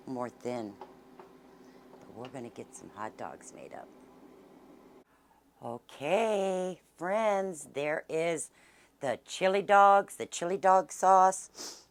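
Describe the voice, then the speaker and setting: Lady cooking vlog host, low voice, chatty and homey, talks with her mouth full. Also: big pitch swings, slow, pauses often, a little mellow, slight background noise. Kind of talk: casual cooking vlog chat.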